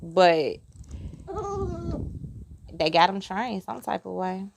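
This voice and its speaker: In a slow, gravelly, fairly low voice, a woman who vlogs about tarot chats casually with her viewers about a deck. She rambles, laughs a lot, and stops now and then to speak to her child. It's a noisy recording made outdoors.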